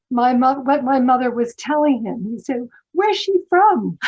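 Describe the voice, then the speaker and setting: Older American woman panelist, husky and fairly high-pitched, on muffled call audio. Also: darkish tone. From United States. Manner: thoughtful, with frequent restarts and emphatic asides. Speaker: panel guest. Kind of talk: conversational discussion.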